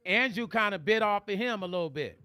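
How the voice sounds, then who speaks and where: Bright, joking middle-aged male vlogger. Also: high-pitched, lively intonation, no room sound. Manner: joking, playful banter, drawn-out teasing. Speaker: musician and vlog host reading live chat. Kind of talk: casual livestream chat.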